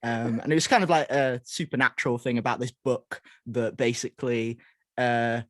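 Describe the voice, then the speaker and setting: A man's voice: medium pitch, steady tone, moderate pace, fairly bright tone, no echo, clean studio sound. A young man from England, a podcast guest, talking eagerly in casual chat. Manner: enthusiastic, fillers and restarts.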